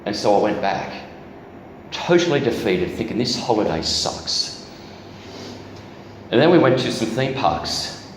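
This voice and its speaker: There's a faint hum of background noise and plenty of echo from the church hall as a guest preacher offers his candid testimony. His voice sits low while he recounts a personal story with self-deprecating humor.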